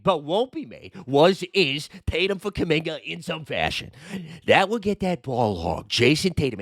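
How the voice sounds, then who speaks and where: A man's voice: on the high side, creaky, no room sound, clean studio sound. A man reading out a comment in a put-on Boston accent, playing a brash, ranting male sports fan.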